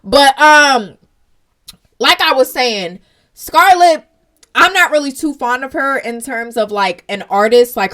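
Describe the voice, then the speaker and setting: Brief: young woman vlogger, earnest and direct, slightly high voice. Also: fairly bright tone. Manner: earnest, direct, tearful at times. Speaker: vlog host. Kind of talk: emotional commentary vlog.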